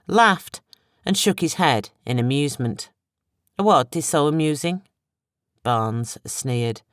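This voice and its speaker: An audiobook narrator reading a novel in steady, expressive storytelling, at a middle pitch. The voice is recorded close on a studio microphone, completely dry with no room sound. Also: no room sound.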